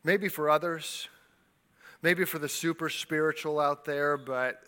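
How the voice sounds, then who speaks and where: A man preaching a sermon, retelling a story with lively voices for its people and dropping quiet for personal appeals. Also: fairly high pitch, measured pace. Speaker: pastor.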